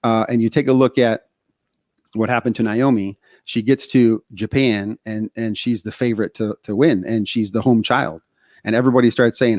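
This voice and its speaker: A man in his thirties with a lowish voice, talking through a casual podcast discussion. He tells it like a story, piling on fillers and quick restarts. The sound is dry and close, with no room around it. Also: steady tone, darkish tone, no room sound. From Texas. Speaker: podcast co-host.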